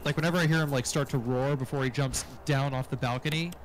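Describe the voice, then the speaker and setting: A man's voice: medium pitch, fairly even intonation, fast talker. A man on a gaming stream explaining speedrun strategy in a rambling way, full of restarts and fillers. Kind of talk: casual gaming stream chat. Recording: music playing underneath.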